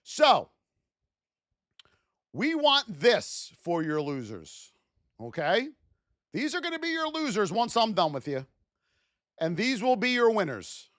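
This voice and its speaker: A man's voice: sits high, wildly swooping pitch, slow, long pauses, fairly bright tone, no echo, studio quality. A man teaching a live trading class, speaking animatedly to his chat and acting out traders' frustrated self-talk. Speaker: trading instructor.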